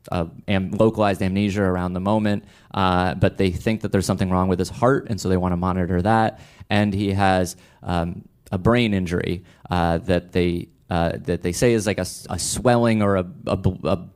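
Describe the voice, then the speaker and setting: A young man telling a personal story on stage, wry and rambling, full of restarts and fillers. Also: fairly low pitch. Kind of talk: live storytelling.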